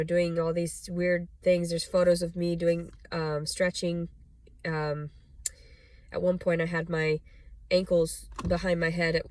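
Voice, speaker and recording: A young adult woman speaks in a low register, rambling through a personal monologue with constant fillers and blunt swearing. The recording is dry and close, with almost no room sound. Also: a little mellow, no echo. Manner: rambling, frequent "like" and "you know", blunt and profane. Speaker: vlogger.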